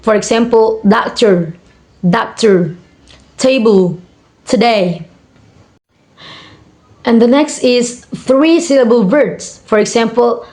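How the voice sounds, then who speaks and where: Hesitant young Indonesian woman, slow. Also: fairly high pitch, darkish tone. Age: young adult. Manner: hesitant, many fillers, repeats example words slowly. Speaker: student. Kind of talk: reading out assignment answers.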